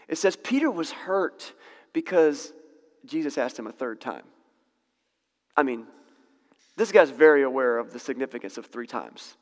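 A man teaching a Bible passage in a relaxed, conversational way, correcting himself and laughing in asides. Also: medium pitch, moderate pace, pauses often, in a large hall.

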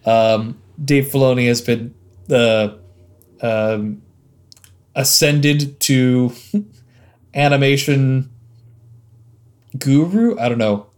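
A man's voice: drawn-out words, long pauses. Hesitant male podcast co-host, full of ums. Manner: musing, hesitant, many ums and uhs, drops to low asides. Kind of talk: casual podcast chat.

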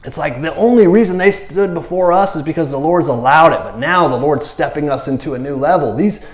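A man's voice: fairly high pitch, fairly quick, roomy sound. A man preaching a sermon in a casual, slangy way, acting out the people in the story with changing voices. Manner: animated, slangy, acts out quotes in character voices. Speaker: pastor.

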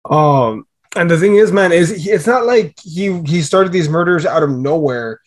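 A man chats casually on a podcast, wandering through his points with frequent ums and restarts. His voice sits slightly high for a man. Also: lively intonation, normal speed. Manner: rambling, hesitant, filler-heavy talk. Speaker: podcast co-host.

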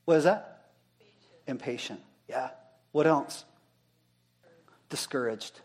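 A man's voice: mid-range voice, slow pace, slightly rough. A male pastor giving an interactive sermon, talking casually and asking the congregation questions, then repeating their answers back.

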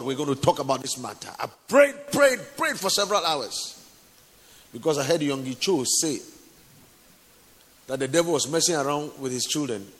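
A man's voice: a little high, a bit bright, slightly rough. A male preacher giving a sermon with a personal testimony, speaking intimately to listeners as honey and sweetheart. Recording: reverberant hall.

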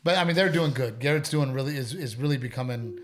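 A man's voice: medium pitch, fast talker. A man in his thirties, a podcast co-host and father, chatting in an easygoing way with jokes and frequent "right?". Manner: easygoing, joking, says "dude" and "right?". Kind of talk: casual chat.

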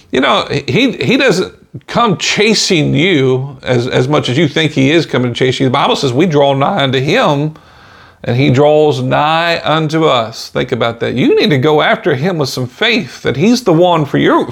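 A man's voice: a little high, sing-song, measured pace, creaky, fairly bright tone, husky. A man preaching an informal podcast sermon in a folksy way, dropping in "amen" and "you know" and chuckling between points.

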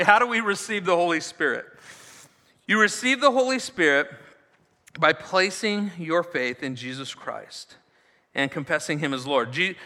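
A male pastor delivers a sermon in a chatty, animated way, tossing "right?" to the room between points. His voice sits high and rings very bright. The sound carries a long reverb, as from a church sanctuary. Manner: animated, conversational, frequent "right?" asides.

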